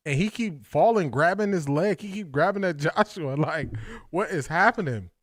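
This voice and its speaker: A man's voice: fairly high pitch, lively intonation, normal speed, no room sound. Dry, exasperated male fight-reaction streamer. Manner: exasperated, laughing, repeats himself. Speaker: watch party streamer. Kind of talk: live fight reaction commentary.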